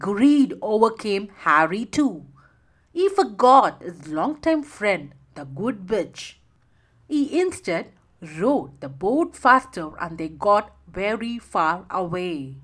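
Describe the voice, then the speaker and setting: A woman narrating a children's story slowly and expressively. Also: mid-range voice, big pitch swings, a bit bright.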